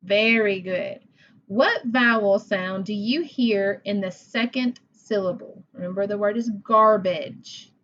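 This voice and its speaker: A woman teacher leading a phonics lesson for young children. She talks slowly and patiently, sounding out words and praising each answer. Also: medium pitch, a bit bright, a little hiss or hum. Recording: dull lo-fi recording.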